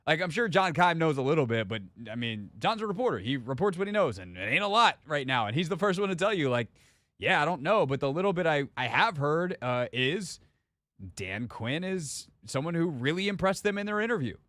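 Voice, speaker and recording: A man's voice: a little high, big pitch swings, fairly quick, fairly bright tone, dry recording. A man hosting a sports radio show, talking in a loose, rambling, joking way. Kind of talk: casual talk radio banter. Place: radio studio.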